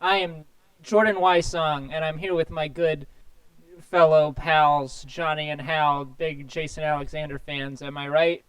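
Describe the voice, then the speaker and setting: Man podcast host, casual chat, rambling, self-deprecating, slightly hoarse, smooth resonant voice. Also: fairly high pitch, steady tone, measured pace, a bit bright.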